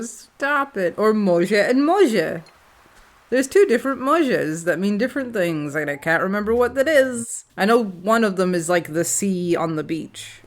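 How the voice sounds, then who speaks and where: A young British woman streaming a farming game, swearing freely and laughing through casual banter. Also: fairly low pitch. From Britain. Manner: swears often, laughs between lines.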